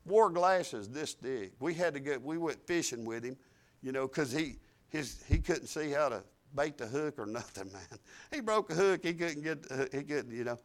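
An older man preaching a sermon, telling folksy stories and swinging between quiet asides and loud, emphatic declarations. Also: a little high, expressive, moderate pace.

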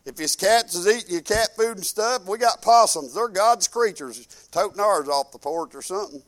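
A man preaching a sermon in a folksy, fervent way, dropping from loud proclaiming to quiet musing. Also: sits high, expressive, moderate pace. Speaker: pastor.

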